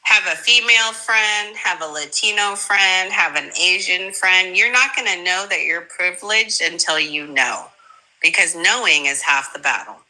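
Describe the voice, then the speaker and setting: A woman in a casual political chat, animated and emphatic, often laughing and breaking into sudden high bursts. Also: normal speed, low-quality recording. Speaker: guest commentator.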